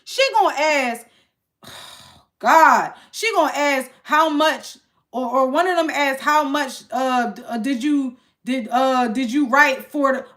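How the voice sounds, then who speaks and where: A woman's voice: high-pitched, slow, fairly bright tone. A young woman hosting a casual livestream, ranting to her chat in an exasperated way. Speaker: livestream host.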